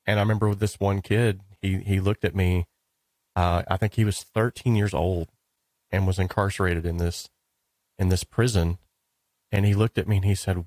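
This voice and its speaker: A man hosting an interview, chatting casually and telling stories in an animated way, often saying "dude" and "like". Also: sits low, moderate pace, no echo. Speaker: podcast host.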